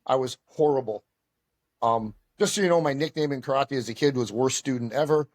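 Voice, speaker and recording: A man telling stories as a podcast guest, animated and self-deprecating as he talks about his karate training. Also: mid-range voice, a little fast. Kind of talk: storytelling in casual conversation.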